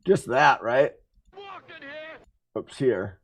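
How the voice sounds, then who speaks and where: A man casually thinking aloud while working on his game, halting, self-correcting, and musing. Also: mid-range voice, fairly bright tone. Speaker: game developer streaming his work.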